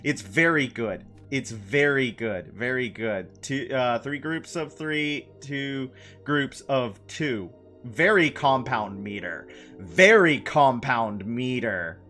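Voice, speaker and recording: A man's voice: medium pitch, expressive, takes it slowly, pushed and bright, soft background music. A man live-streaming a game, chatting playfully with his chat, laughing and repeating phrases. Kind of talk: casual live-stream chat while gaming.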